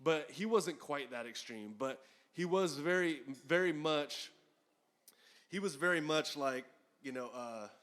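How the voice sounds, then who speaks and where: Profane, animated man telling a story. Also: on the high side, measured pace. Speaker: former metal band guitarist, podcast guest. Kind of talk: casual storytelling chat. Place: house party.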